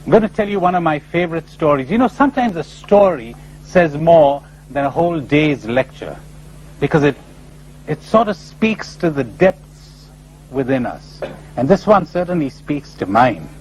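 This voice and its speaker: A man delivers a spiritual lecture with stories. His voice sits a little high and swings widely, playful one moment and emphatic the next. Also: normal speed, a little hiss or hum, poor audio. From India. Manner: animated storyteller, playful and emphatic. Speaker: spiritual speaker.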